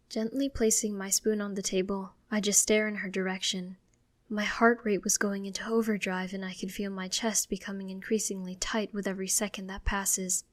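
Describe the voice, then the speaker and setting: A woman narrating a first-person audiobook in an expressive, conversational way. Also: medium pitch, moderate pace.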